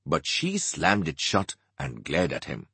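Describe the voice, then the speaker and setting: A man narrating an audiobook in a measured, expressive way. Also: very deep voice, creaky, slightly rough, no echo.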